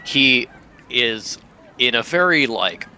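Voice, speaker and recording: A man narrating as game master in a tabletop game, speaking haltingly and filling pauses with fillers. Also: mid-range voice, animated, bright, forceful tone.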